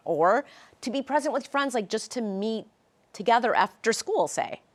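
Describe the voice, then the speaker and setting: A woman's voice: a little high, expressive, moderate pace. A middle-aged woman author talking earnestly and animatedly in an interview, telling stories with feeling. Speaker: author guest. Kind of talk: casual interview chat.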